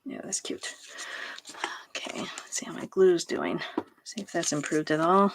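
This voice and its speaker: A woman's voice: fairly low pitch, a little slow, whispered. A middle-aged woman hosting a craft video, chatting casually and laughing at herself while she works at home. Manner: chatty and self-deprecating, laughs often. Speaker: craft channel host.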